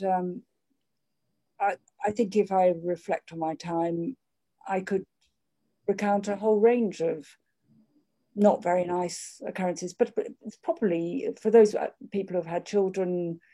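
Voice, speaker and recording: An older woman speaking in a measured, candid way, with frequent restarts, reflecting on her working life. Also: medium pitch, mellow. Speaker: interviewee. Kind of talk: reflective conversation.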